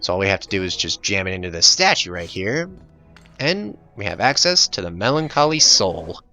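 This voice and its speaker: A man's voice: low-pitched, sing-song, moderate pace, bright, forceful tone, soft background music. A man hosting a gaming channel, giving voice-over commentary on gameplay in a profane, exasperated rant.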